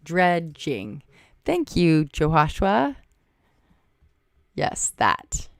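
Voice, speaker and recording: A woman's voice: sits low, unhurried, no echo, studio quality. A woman hosting a casual livestream, chatting, thinking aloud and thanking viewers by name. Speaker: livestream host. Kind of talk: casual livestream chat reading viewer comments.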